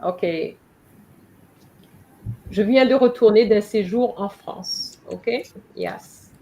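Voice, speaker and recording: This woman's voice is mid-range and mellow, and she takes her time. Over a video call, she leads a live online French lesson, patiently correcting her students' letters one by one, captured on a low-quality recording.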